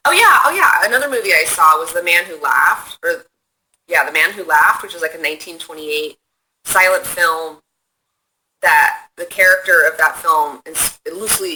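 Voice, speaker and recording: Bright, excitable, foul-mouthed woman livestreaming. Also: sits low, slight background noise, rough recording. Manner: profane, rambling and excitable. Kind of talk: casual chat reading viewer comments. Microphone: phone.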